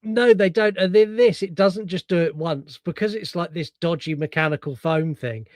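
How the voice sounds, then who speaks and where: A man co-hosting a podcast in a fairly high voice, talking loosely and excitedly about a film. He swears freely and acts out lines from it, and the sound is dry and close. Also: normal speed, dry recording. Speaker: podcast co-host. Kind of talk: casual film review chat.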